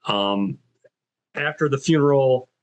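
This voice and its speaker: A man hosting a film podcast, casually retelling a movie's story with many fillers and quick voiced quotes of the characters. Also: mid-range voice. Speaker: podcast host.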